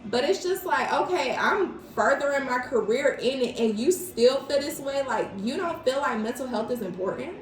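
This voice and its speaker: A woman's voice: high-pitched, normal speed, few pauses. A young adult woman co-hosting a podcast, chatting casually and telling stories animatedly. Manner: animated storytelling, acts out quoted conversations. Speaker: podcast co-host. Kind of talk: casual chat. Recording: echoey room, distant mic.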